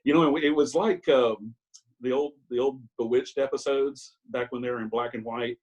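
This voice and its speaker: A husky-voiced man in his sixties speaks over a video call, recounting his own story in a recovery share. His delivery is candid and self-mocking, full of restarts and small ums, and his voice sits at an ordinary middle pitch for a man. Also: steady tone, normal speed, darkish tone, poor audio. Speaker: Al-Anon speaker.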